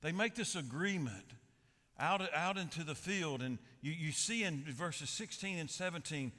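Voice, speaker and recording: A man's voice: fairly high pitch, expressive, normal speed, sharp tone, long reverb tail. A man preaching a sermon as pastor, joking and telling stories in a folksy way. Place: large church sanctuary.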